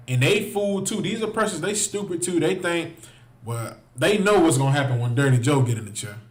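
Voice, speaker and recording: Impassioned preacher man, echoey. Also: a little high. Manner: impassioned, repeats phrases, addresses listeners directly. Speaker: street preacher. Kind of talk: heated preaching to a livestream.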